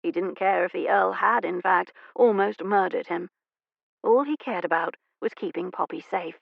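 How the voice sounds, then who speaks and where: Gravelly woman narrating an audiobook. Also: fairly low pitch, normal speed, no room sound. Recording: dry, slightly dull studio recording.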